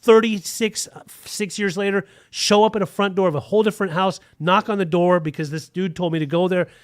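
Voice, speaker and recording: A man's voice: high voice, fairly even intonation, a little fast, no room sound. Frank, rambling man with a dry sound. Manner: rambling, frank, full of "like" fillers. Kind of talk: casual storytelling in a podcast interview.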